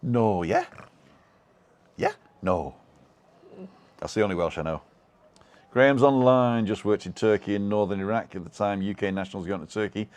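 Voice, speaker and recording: A British man hosts a live stream from home, reading viewer comments aloud and chatting in a loose, rambling way. His voice sits very low, and he leans on fillers and false starts. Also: fairly quick, a little mellow, clear, resonant tone. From United Kingdom.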